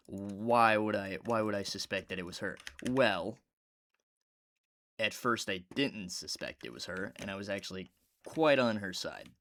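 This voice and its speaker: A man telling a rambling, casual story while playing a video game, with sudden loud outbursts at the game. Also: lowish voice, normal speed. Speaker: gaming YouTuber.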